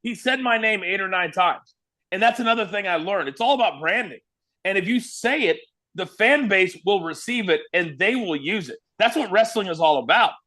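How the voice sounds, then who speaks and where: A man from Kansas, a former wrestling broadcaster, telling animated stories as an interview guest. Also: high-pitched, moderate pace. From Kansas, USA. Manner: lively, animated storyteller. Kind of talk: storytelling interview.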